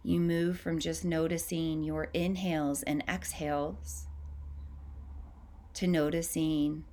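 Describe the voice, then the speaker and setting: Female host, calm unhurried meditation guide, slightly low voice, long soft pauses. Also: a little hiss or hum. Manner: slow, gentle, soothing guidance with long pauses. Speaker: podcast host leading a breathing practice.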